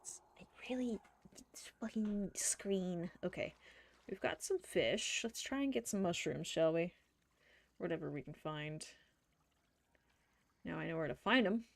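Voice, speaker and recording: A woman's voice: fairly low pitch, expressive, measured pace, gravelly, long pauses, dry recording. Chatty woman streaming a game, voice jumps all over, cusses at her screen, lots of laughing. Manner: chatty, swears freely, mutters to herself; frequent laughter. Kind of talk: live gameplay commentary.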